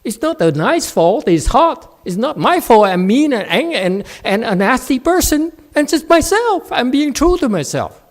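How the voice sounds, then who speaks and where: A man teaching meditation, blunt and scolding, who mocks his students' excuses and swings between loud outbursts and quiet muttering. English is not his first language. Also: very high-pitched, sing-song, moderate pace, few pauses. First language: Chinese. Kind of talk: dharma talk answering students.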